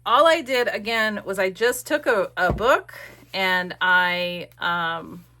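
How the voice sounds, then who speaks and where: A woman's voice: medium pitch, slow, sharp tone. A woman chatting casually and rambling with many fillers in a crafting vlog, recorded at home on a desk camera. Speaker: crafting vlogger.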